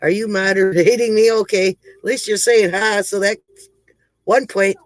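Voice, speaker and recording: Telling corny one-liners to his chat on a comedy livestream, this host cracks himself up and makes fun of himself. His high-pitched voice holds a steady tone at normal speed. The recording is dry and low-quality.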